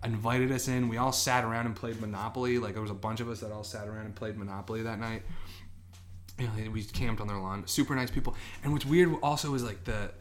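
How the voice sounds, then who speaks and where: A man's voice: lowish voice, steady tone, fast talker, a little hiss or hum. A man on a podcast casually telling a long, rambling story, often acting out what people said. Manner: rambling anecdotes, acts out quoted voices. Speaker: podcast co-host.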